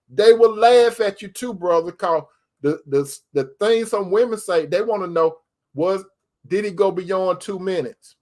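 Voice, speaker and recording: A man's voice: high-pitched, darkish tone. A man, host of his own faith talk, speaking in a folksy way that repeats phrases and calls out to his brothers and sisters. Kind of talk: casual preaching talk to viewers.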